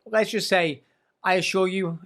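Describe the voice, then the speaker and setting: A man with a slightly high voice is chatting on a podcast in a studio. he talks with real enthusiasm. he stumbles and restarts his words a lot and says "like" all through his talk. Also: fairly even intonation, unhurried, gravelly, a bit bright. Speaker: podcast host. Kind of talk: casual podcast chat.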